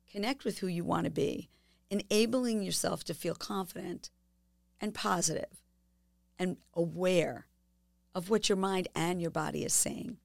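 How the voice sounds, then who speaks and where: Woman podcast host, low and slightly gravelly, dry close sound, gentle reflective self-help delivery. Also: dry recording. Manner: gentle, asks listeners reflective questions.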